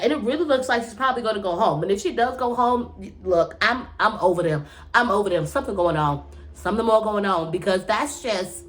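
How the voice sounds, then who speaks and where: A young woman, recapping a reality show in a casual, blunt, opinionated way, often jumping up in pitch as she rants. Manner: animated, blunt and opinionated, often jumps up in pitch, swears freely. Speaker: TV recap vlogger.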